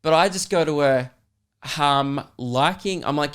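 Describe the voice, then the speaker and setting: A young Australian man, a comedian and podcast host, telling an animated, rambling story with lots of swearing. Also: fairly high pitch, moderate pace, clean tone. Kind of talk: casual storytelling.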